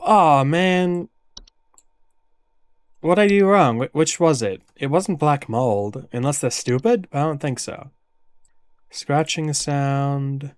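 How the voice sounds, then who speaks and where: A man's voice: a little high, slow pace, long pauses, clear, resonant tone, dry recording, faint music behind. A man playing a video game and thinking aloud in casual, self-deprecating commentary.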